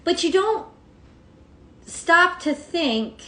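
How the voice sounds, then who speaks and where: A woman with a high voice gives a casual daily tarot reading. She rambles, swears freely and laughs as she goes. The sound is roomy, with a clear echo around her. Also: animated, very slow, bright, forceful tone. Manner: rambling, profane, laughs often. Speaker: tarot reader.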